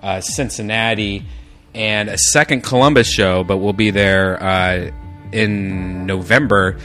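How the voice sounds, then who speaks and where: A man co-hosting a podcast, laid-back and quick to agree. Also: lowish voice, steady tone, fairly bright tone. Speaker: podcast co-host. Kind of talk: casual chat. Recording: faint music behind.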